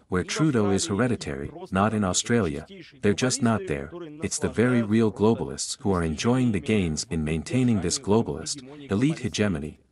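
A man giving political commentary as a voice-over, arguing in a sarcastic tone. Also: fairly low pitch. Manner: sarcastic, argumentative.

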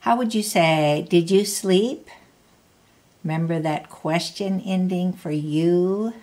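A woman's voice: on the low side, slow, darkish tone. A woman teaching a language lesson, patiently prompting the listener to repeat words and asking how to say phrases. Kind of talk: slow spoken language lesson.

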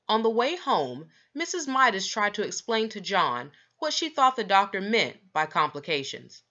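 A woman reading a children's book aloud with expressive, measured narration. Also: medium pitch, highs cut off. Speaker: storybook reader.

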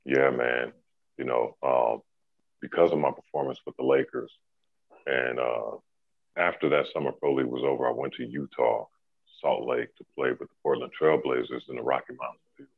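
A man's voice: extremely low pitch, steady tone, normal speed, vocal fry, no room sound. A middle-aged man, a former pro basketball player, telling stories in a laid-back, laughing way with many fillers. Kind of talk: casual storytelling. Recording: dry, tinny phone-like sound.

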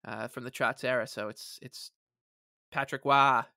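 Bright, dry-sounding man musing on air. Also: mid-range voice, steady tone, unhurried, gravelly, no room sound. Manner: meandering, lots of "uh" and "like", wry. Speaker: podcast co-host. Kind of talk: casual sports podcast chat.

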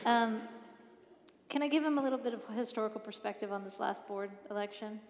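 A woman hosting a live talk, chatty and animated, who laughs easily while moderating. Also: mid-range voice, fairly quick, slight background noise. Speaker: event host and interviewer. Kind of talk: conversational moderating. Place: event hall with audience. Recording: echoey hall.

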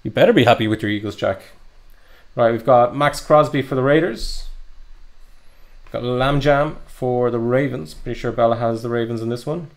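Young man, card-break host, upbeat and chatty, gravelly edge. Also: mid-range voice, normal speed. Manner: chatty, upbeat, lots of fillers. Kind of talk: live card break commentary.

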